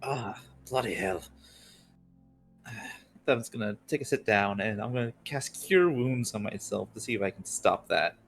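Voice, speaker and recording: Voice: medium pitch, normal speed, vocal fry, faint music behind. A player in a tabletop game casually describing their character's actions in the third person.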